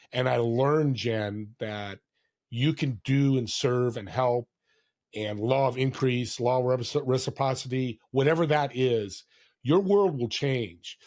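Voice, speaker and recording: Here the sixty-something podcast guest speaks at medium pitch and without hurry. His storytelling is warm and sincere, and he now and then acts out what others said during this relaxed interview.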